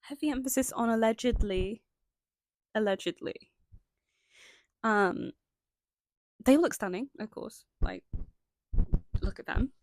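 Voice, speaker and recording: A woman's voice: fairly high pitch, measured pace, pauses often, dry recording. A young woman narrating a scripted video essay, stopping now and then for chatty, self-conscious asides. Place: indoors at home, lighting changing.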